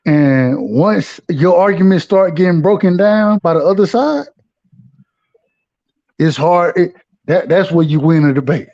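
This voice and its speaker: A man's voice: high voice, animated, measured pace, darkish tone. A man, a regular guest on a live stream, giving advice in loose slang with frequent restarts. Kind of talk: casual live-stream chat. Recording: dull lo-fi audio.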